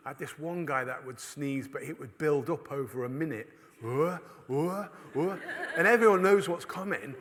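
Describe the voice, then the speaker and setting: A man's voice: fairly high pitch, lively intonation, a little fast, hardly any pauses, a bit bright. Man preaching in a reverberant hall. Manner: storytelling, acts out voices of others. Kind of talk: humorous conference talk. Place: church hall. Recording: long reverb of a large hall.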